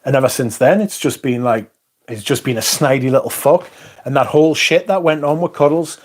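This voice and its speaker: A man's voice: medium pitch, brisk. A man hosting a livestream, ranting casually with heavy swearing and rambling asides. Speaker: livestream host.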